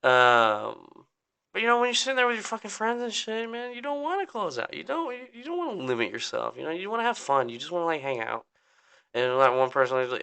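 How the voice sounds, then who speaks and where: Rambling young man, bright clear voice. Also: a little high, big pitch swings, a little fast. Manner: rambling, swears a lot, full of "like"; downbeat, venting. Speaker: podcast host. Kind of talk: casual rant.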